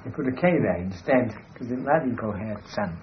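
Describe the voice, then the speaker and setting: A man's voice: medium pitch, lively intonation, fast, a little hiss or hum. Lecturing man on a muffled recording. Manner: emphatic, lecturing, keeps asking "you see". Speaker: speaker discussing language. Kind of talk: discursive monologue in conversation.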